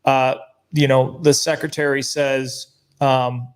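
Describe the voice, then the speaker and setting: A man's voice: medium pitch, flat delivery, slow pace, clear, resonant tone. A man co-hosting a talk show, talking heatedly and indignantly, mimicking newscasters and swearing now and then. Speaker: co-host.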